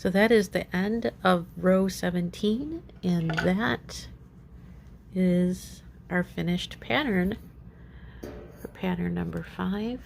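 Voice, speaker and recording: A woman walks viewers through a crochet pattern in a slow, unhurried tutorial, repeating each step patiently. Her voice sits low with a gravelly edge, and she pads her instructions with easygoing fillers. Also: a little hiss or hum.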